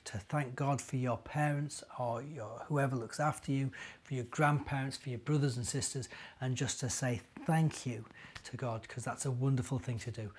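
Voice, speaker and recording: A man, a minister, gently reading a storybook and talking to young children. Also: medium pitch, slightly rough.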